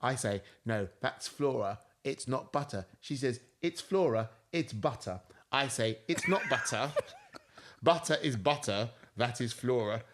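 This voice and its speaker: A British man chatting as a podcast guest, his voice swinging widely in pitch as he spins stories. He acts out the lines of people in his anecdotes. His voice sits in a middle register. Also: a little slow, slight background noise. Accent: British English. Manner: animated storyteller, acts out quoted dialogue. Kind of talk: casual chat.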